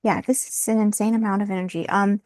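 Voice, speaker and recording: A woman's voice: medium pitch, little pitch movement, fast talker, darkish tone, no room sound. A woman doing a casual tarot card reading, thinking aloud, often breaking into laughter and apologizing. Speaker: tarot reader.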